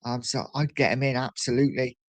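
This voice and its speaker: A man's voice: mid-range voice, little pitch movement, fairly quick, dry recording. A middle-aged man hosting a casual livestream, chatting and reading viewer comments aloud. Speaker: livestream host.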